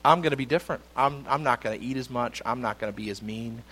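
A man's voice: mid-range voice, a bit bright, pitched below the performer's own voice, close to an everyday voice. A man voicing an ancient king who stammers out a humble promise to change his ways. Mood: resolved. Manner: halting, self-correcting, earnest.

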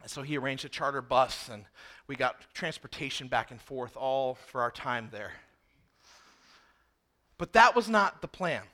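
A man, a pastor telling an animated story in a sermon. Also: medium pitch, normal speed, long pauses. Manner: animated storyteller, often speeding up and acting out exchanges.

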